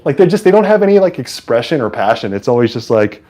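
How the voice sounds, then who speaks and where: A man from San Francisco hosting a livestream, chatting excitedly and casually as he comments on a football game. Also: mid-range voice, fast talker, hardly any pauses. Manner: chatty and excitable, with frequent fillers. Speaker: livestream host. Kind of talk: casual live sports commentary.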